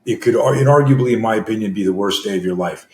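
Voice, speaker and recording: A man's voice: lowish voice, fast, a little mellow, slight background noise. A middle-aged man, a self-defense coach, answering interview questions in a loose storytelling way with frequent fillers and restarts. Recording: echoey room.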